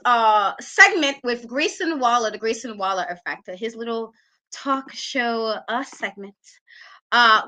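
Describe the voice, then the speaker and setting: A woman hosts a wrestling talk show with a high, bright voice. She rants emphatically about the matches and breaks into laughter often. Her commentary is casual and full of strong opinions.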